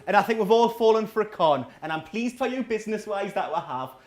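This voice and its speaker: A man's voice: high-pitched, lively intonation, quick pace. Sardonic stand-up in his thirties. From North East England. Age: 30s. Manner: sardonic, chatty, keeps asking the crowd "right?". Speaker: stand-up comedian. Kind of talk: live stand-up set. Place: small coffee shop venue with a live audience.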